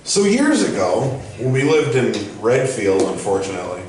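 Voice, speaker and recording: A man's voice: medium pitch, big pitch swings, normal speed, recorded from a distance, very noisy. A man hosting an open mic night and telling a profane, rambling stand-up story. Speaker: open mic host and comedian. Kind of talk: stand-up comedy. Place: small event venue. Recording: very echoey room, mic from afar.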